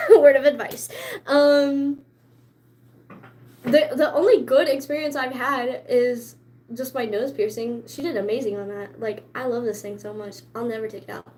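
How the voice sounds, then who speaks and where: Woman, high voice, casual vlog chat, excitable, chatty, frequent laughs. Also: a little slow, slight background noise. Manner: chatty and excitable, laughs often, many fillers. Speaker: vlogger.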